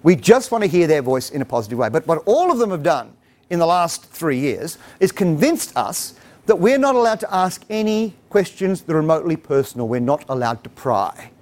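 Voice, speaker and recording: A middle-aged man speaks fairly quickly in a slightly high voice, giving a funny talk to an audience of parents. He's an animated storyteller who acts out the dialogue.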